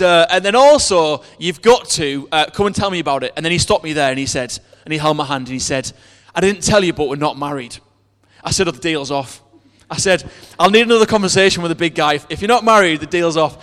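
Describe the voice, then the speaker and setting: A man with a fairly high voice preaches a casual sermon, slipping in wry jokes about himself. His words hang in the long reverb of a church hall. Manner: chatty, self-mocking storytelling with jokes.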